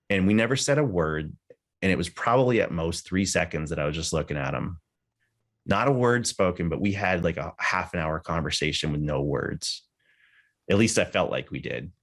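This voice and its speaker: Deep, gravelly man telling a candid story. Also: fairly bright tone. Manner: candid, conversational, with casual swearing. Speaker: speaker at a memorial gathering. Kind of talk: personal storytelling tribute. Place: live gathering with people present.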